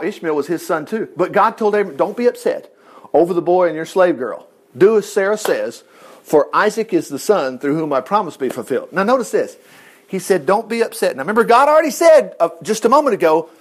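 A man preaching in a folksy, animated way, retelling a story and acting out its people. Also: sits high. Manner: animated, folksy, acts out quotes in voices. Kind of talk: informal sermon storytelling.

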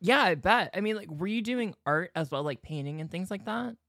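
A woman's voice: on the low side, expressive, fairly bright tone, no room sound, clean studio sound. A woman hosting a podcast in casual chat, encouraging her guest and asking questions. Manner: encouraging, quick reactions and laughs. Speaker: podcast host.

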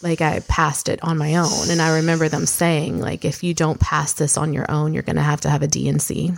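A woman's voice: deep voice, level tone, a little fast, creaky. A woman in her thirties, a podcast co-host, telling a candid personal story in a chatty way, with lots of fillers and casual swearing.

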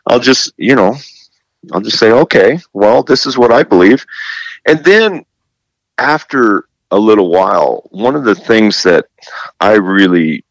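A man with a rather deep voice tells his stories with energy and plays every quoted line aloud. He repeats himself and often restarts his sentences. The recording is close and dry, with no room sound. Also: a little slow, no room sound, poor audio. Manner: animated storyteller who acts out quoted dialogue. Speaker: guest, television presenter. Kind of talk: casual faith interview.

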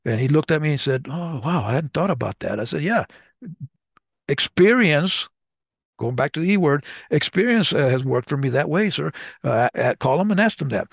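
Older male co-host, gravelly voice, dry close sound, anecdotal storyteller. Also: medium pitch, animated, fast talker, dry recording. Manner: anecdotal, acts out dialogue. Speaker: podcast co-host. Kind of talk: casual conversation, storytelling.

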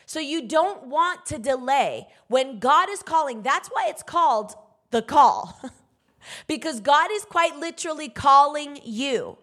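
A woman's voice: high voice, expressive, unhurried, fairly bright tone. Woman preaching a conversational sermon. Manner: candid, emphatic, talks straight to the listeners. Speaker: minister.

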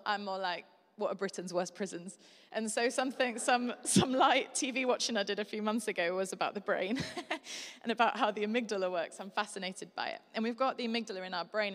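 Young woman preacher, chatty animated sermon, mid pitch, long hall reverb. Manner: conversational, animated storytelling.

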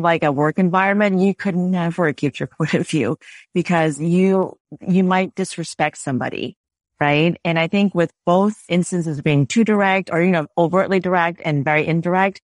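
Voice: mid-range voice, no echo. Podcast host, conversational and reflective; mid-range voice, dry close-miked recording. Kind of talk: casual conversation.

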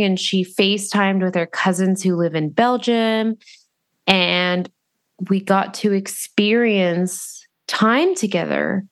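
A woman host telling a personal story in an earnest, reflective way, pausing and restarting often. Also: mid-range voice. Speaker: podcast host.

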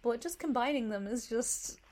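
Brief: young woman, higher-pitched voice, chatty and rambling co-host. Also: moderate pace, darkish tone. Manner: chatty storyteller, many fillers and asides. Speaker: podcast co-host. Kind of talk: casual chat.

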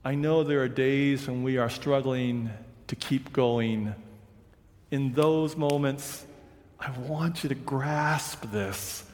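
A man preaching a sermon in a conversational, animated way, slowing down for quoted scripture. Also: medium pitch. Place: large church sanctuary. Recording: long reverb of a big hall.

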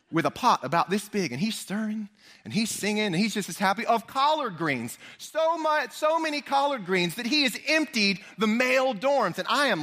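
A man preaching a sermon, an animated storyteller who speaks straight to his congregation. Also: sits high. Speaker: pastor.

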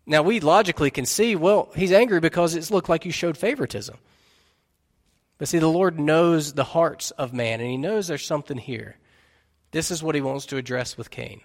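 Man, pastor, sermon, earnest questioning delivery, slightly high voice, long hall reverb. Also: lively intonation, brisk. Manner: earnest, asks listeners questions again and again.

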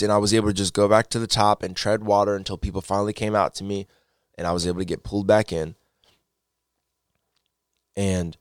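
Earnest man with a low, dry voice. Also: dry recording. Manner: earnest, excitable storytelling; repeats words and restarts when wound up. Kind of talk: personal faith testimony monologue.

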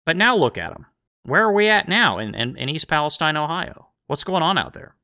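A man's voice: fairly high pitch, big pitch swings, brisk, pushed and bright, a little hiss or hum. A man delivering a sarcastic political rant to his viewers, firing off rhetorical questions. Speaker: political commentator. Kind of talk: ranting monologue to viewers.

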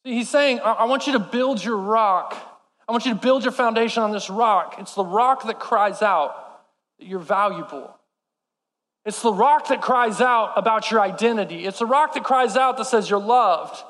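Male preacher, high-pitched, passionate sermon delivery, recorded in a reverberant hall. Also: moderate pace, a bit bright. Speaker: pastor.

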